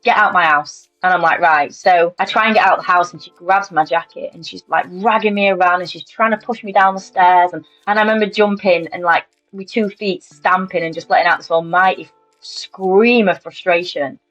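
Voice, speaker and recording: A British woman in her thirties tells her own story in a candid, matter-of-fact interview, her voice sitting on the lower side. The audio is a little dull and lo-fi, with faint music underneath. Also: steady tone, fairly quick, fairly bright tone. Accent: British English. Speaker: interview guest.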